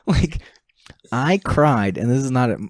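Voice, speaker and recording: A man co-hosting a podcast in casual chat, an animated storyteller who jumps into high mock voices when he quotes people. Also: a little slow, no echo, studio quality. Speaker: podcast co-host.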